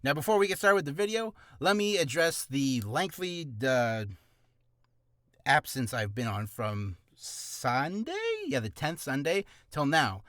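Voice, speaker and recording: A man's voice: on the high side, expressive, unhurried, a bit bright, no echo, clean studio sound. A man talking casually to his vlog audience, rambling and joking at his own expense. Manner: rambling, jokey, self-deprecating. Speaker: hobby voice actor and vlogger. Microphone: studio mic with audio interface.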